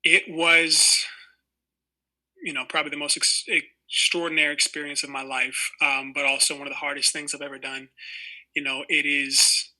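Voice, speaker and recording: Bright-voiced man in his twenties, rambling. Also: a little high, level tone, moderate pace, rough recording. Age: 20s. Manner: rambling, heavy on fillers like "you know". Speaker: actor guest. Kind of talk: casual interview storytelling.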